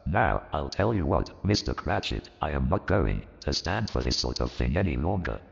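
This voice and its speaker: A man playing an old miserly man turned joyful and repentant, with a gravelly voice and a theatrical, animated delivery in an audio drama. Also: moderate pace, full character voice. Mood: mock-stern. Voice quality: gravelly, very deep. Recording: reverberant, dull lo-fi, faint music.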